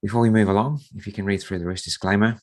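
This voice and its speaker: A man hosting a live trading webinar, croaky from a sore throat and speaking softly to save his voice. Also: lowish voice, steady tone, racing. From Australia. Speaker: market strategist and trading mentor.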